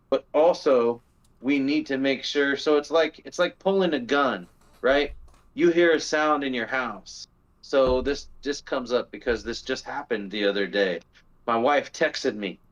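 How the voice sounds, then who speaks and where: A man's voice: mid-range voice, highs cut off. Rambling man on a podcast. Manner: rambling storytelling, many fillers and restarts. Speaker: podcast co-host. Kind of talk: casual discussion.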